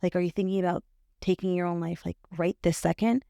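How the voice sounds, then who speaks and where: A young woman telling a personal story as a podcast guest, halting, with many fillers and restarts. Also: on the low side, little pitch movement, creaky, warm tone, dry recording, studio quality. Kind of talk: personal testimony in conversation.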